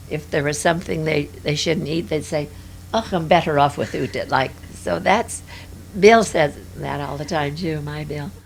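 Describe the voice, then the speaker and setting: An older woman speaks in a low voice with a gravelly edge. She drifts from story to story, stopping often with hesitant fillers as she reminisces in an interview. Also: a little hiss or hum. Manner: rambling, hesitant, many fillers.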